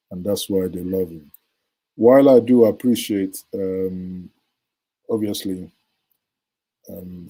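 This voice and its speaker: A man hosting an online news analysis show, talking through a story with many pauses and fillers. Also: lowish voice, mellow, poor audio. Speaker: show host. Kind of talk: solo commentary on news.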